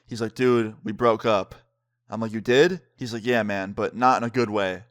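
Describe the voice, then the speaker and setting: A man's voice: on the low side, steady tone, normal speed, fairly bright tone, dry recording. A young man narrating a storytime vlog in a casual, slangy way, full of "like" and "dude", acting out both sides of each conversation. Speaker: vlogger.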